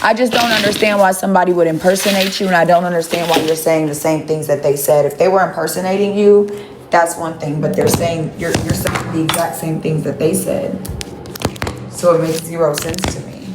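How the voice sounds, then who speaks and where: A woman's voice: lowish voice, fairly even intonation, brisk, reverberant, noisy background. Profane, heated woman ranting on a livestream. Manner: profane, confrontational, repeats herself. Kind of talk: heated live-stream rant to chat.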